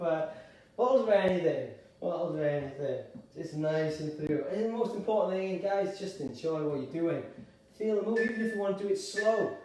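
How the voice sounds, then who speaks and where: A man leading a live gentle exercise class, upbeat and encouraging, calling out participants by name and a little out of breath. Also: high-pitched, recorded from a distance, a little hiss or hum. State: slightly out of breath. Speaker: exercise instructor. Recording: echoey room, voice away from the mic.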